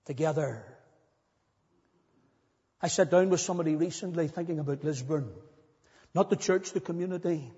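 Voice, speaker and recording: High husky voiced preacher guy, earnest sermon, long church echo, kinda dull muffled sound. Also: normal speed, pauses often, mellow. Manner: earnest, building to emphatic repetition. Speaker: pastor.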